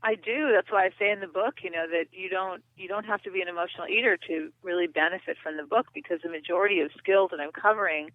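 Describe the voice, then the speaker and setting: A woman's voice: on the low side, quick pace, hardly any pauses, no room sound. A woman therapist and author, explaining earnestly as a guest in a phone interview. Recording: tinny dry phone line.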